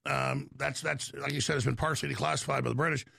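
A middle-aged man hosting a call-in radio show, ranting forcefully and jumping about in pitch and pace. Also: fairly even intonation, quick pace, creaky, breathy edge, no echo, studio quality. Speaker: radio talk show host.

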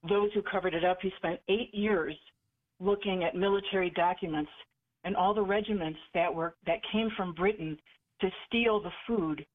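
A woman's voice: lowish voice, moderate pace. A woman calling in to a radio talk show, chatting eagerly with many fillers and restarts. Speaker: caller. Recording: tinny phone line.

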